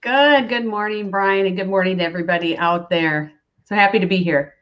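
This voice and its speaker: A friendly, cheerful woman from Minnesota joins a live stream as a guest. Her voice is at an ordinary middle pitch, and it comes through a dull, lo-fi video call line. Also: fairly quick. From Minnesota, USA. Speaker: guest, food safety coach. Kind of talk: casual live-stream chat.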